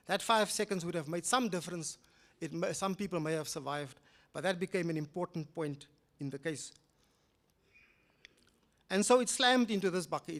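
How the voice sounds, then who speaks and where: An older man with a South African accent giving a public lecture, telling a case as a story, swinging between loud emphatic rises and quiet low asides. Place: lecture hall.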